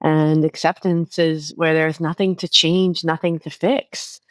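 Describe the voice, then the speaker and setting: A woman with a fairly low voice, earnestly explaining her healing method as a podcast guest. She talks in a clear, instructive way and grows animated when making a point, and the recording is close and dry. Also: unhurried, no room sound. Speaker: guest, inner child healing coach.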